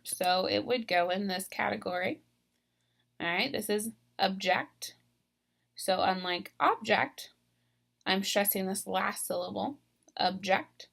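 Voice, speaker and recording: A woman teaching a spelling lesson on video, speaking slowly and deliberately and stressing syllables. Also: mid-range voice, gravelly, a bit bright.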